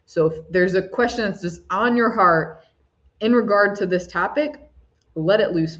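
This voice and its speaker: A woman hosting a live spiritual talk for chat viewers, soft-spoken and gushing, often breaking into laughs. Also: medium pitch, unhurried, muffled recording. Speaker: spiritual livestream host.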